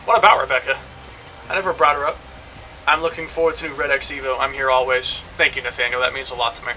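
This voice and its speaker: A man's voice: medium pitch, steady tone, quick pace, bright, forceful tone, slight background noise, low-quality recording. A young man streaming a game, rambling and joking in casual commentary, swearing now and then.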